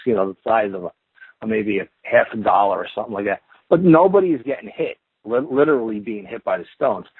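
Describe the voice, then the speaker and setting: A man's voice: mid-range voice, breathy edge, dry recording. A man, a guest on an interview, telling a long encounter story in a rambling, casual way with repetitive build-ups. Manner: rambling, repetitive build-up with stacked "and then you hear" phrases. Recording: tinny phone line.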